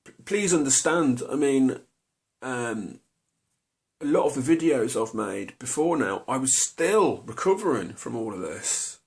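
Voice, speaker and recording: Gravelly middle-aged man, hesitant. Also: mid-range voice, lively intonation, a little slow, darkish tone. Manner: hesitant, confessional, many fillers and restarts. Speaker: vlogger. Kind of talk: personal storytelling to camera.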